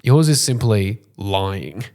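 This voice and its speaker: A young man co-hosting a casual podcast, dry and teasing, who jumps into higher voices when he quotes people. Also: lively intonation, slow pace, dark tone. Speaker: podcast co-host. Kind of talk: casual chat.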